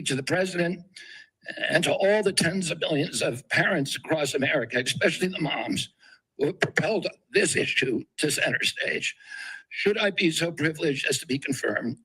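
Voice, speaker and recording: Husky, tense male nominee. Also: fairly high pitch, pushed and bright, rough recording. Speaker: nominee at a hearing. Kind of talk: formal prepared statement.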